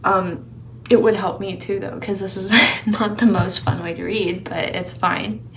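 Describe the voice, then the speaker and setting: A woman's voice: mid-range voice, level tone, unhurried, vocal fry, slight background noise. Breathless chatty young woman tarot reader. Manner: chatty and encouraging, laughs often. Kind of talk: casual pick-a-pile tarot reading.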